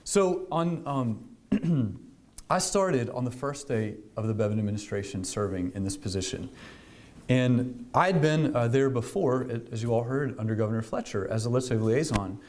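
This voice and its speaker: A government official speaking to a business audience, telling a story in a conversational way, with many fillers and restarts. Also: male voice, medium pitch, animated, normal speed, darkish tone, a little hiss or hum. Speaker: government official giving a speech.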